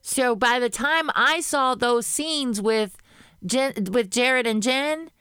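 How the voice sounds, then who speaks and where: A woman's voice: a little high, takes it slowly, bright, forceful tone, smooth, no echo, studio quality. A woman from Arkansas with a Southern accent, co-hosting a casual podcast chat, rambling and laughing often. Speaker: podcast co-host.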